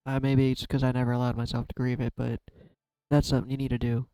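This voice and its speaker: A YouTube card-reading vlogger opens up to his viewers while holding back tears, often trailing off and restarting as he searches for words. His medium-pitched voice is smooth and mellow, with a fairly flat melody and a quick pace. The sound is close, dry, and echo-free, but the recording quality is low.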